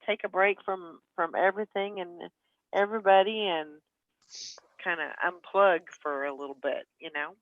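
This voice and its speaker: A woman's voice: fairly low pitch, no room sound, narrow, tinny audio. A woman co-hosting a morning show who chats casually, agreeing with the others and offering encouraging remarks. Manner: encouraging, quick to agree and laugh. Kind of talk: casual chat.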